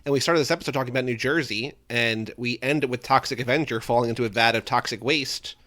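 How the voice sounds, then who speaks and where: Fast-talking wry podcast co-host man. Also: mid-range voice, pushed and bright. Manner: wry, wraps up the show. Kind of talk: casual podcast chat.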